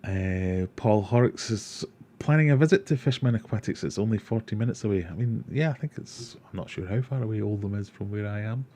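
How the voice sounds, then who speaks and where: A man's voice: fairly low pitch, fairly quick, mellow, slight background noise. A man hosting a casual livestream, rambling, joking and reading viewer comments aloud. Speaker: aquarium livestream host.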